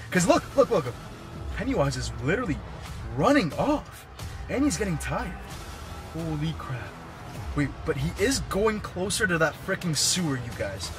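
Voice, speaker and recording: Young guy vlogging, high voice, super excitable, keeps yelling to viewers. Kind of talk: excited live commentary.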